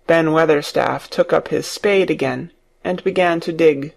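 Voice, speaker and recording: A man reading an audiobook story aloud for English learners, in a slow, clear narrating manner. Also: on the high side.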